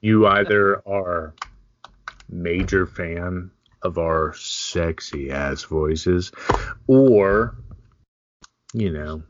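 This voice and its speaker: A man's voice: low voice, steady tone, drawn-out words, fairly bright tone, no echo. A man co-hosting a podcast in laid-back, profane casual chat, laughing often. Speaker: podcast co-host. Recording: dull lo-fi sound.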